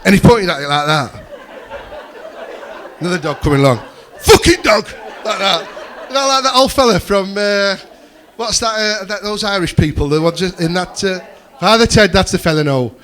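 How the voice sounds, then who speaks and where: Male stand-up, a touch high-voiced, loose and profane, always talking to the room. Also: expressive, normal speed, fairly bright tone. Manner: rambling, swears freely, chats with the audience. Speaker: stand-up comedian. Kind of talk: stand-up comedy set with crowd banter.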